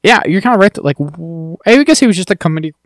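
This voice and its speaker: A man's voice: high-pitched, animated, fast, no room sound. A man co-hosting a podcast in casual chat, chatty and joking as he thinks aloud. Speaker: podcast co-host.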